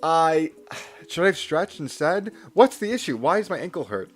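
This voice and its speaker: Animated young man ranting playfully. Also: fairly high pitch, normal speed, faint music behind. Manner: playful mock-villain ranting, lots of restarts. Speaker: livestreamer. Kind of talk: casual live-stream rant.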